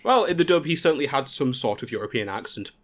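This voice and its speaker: A young man talks in a lively, up-and-down voice on a casual anime podcast. He riffs on the shows with jokey asides. He stumbles over his words and laughs a lot. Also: medium pitch, fast talker. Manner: joking commentary with stammered restarts and frequent laughs. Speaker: podcast co-host. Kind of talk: casual chat.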